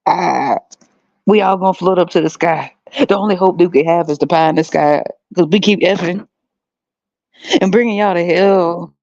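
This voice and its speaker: A woman in her thirties does casual solo commentary on her own podcast, blunt and profane, laughing as she mocks others. Her voice is on the low side and a little mellow, at a moderate pace. The sound is dry, with no echo, and somewhat dull.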